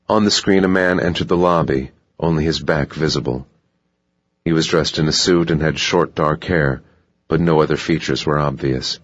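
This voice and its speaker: A man narrating a thriller audiobook in a steady, even way. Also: extremely low pitch, dry recording, muffled recording. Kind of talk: scripted narration.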